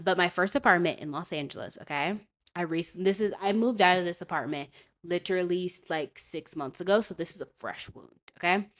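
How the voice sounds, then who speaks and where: Chatty podcast host woman, lowish voice. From California. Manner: chatty, digressive, emphatic with frequent "okay?". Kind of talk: casual storytelling rant.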